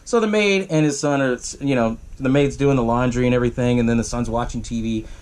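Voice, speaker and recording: A man's voice: medium pitch, fast talker, a little mellow. A man hosting a podcast, casually recapping a horror movie plot in a rambling, profane way, full of "you know" and little chuckles. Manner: chuckles while telling it. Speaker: podcast host.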